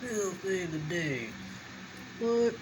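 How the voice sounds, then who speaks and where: A man's voice: mid-range voice, expressive, background noise. A man eating on camera and chatting casually, talking with his mouth full. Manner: slow eater. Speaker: mukbang vlogger. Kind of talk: casual eating vlog chat.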